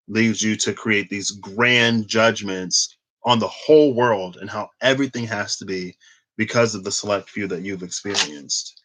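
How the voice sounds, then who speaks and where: Rambling low-voiced man reading tarot. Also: fairly bright tone. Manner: rambling, thinking aloud, heavy on "like"; laid-back, laughs at himself. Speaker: tarot reader. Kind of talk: casual tarot reading monologue.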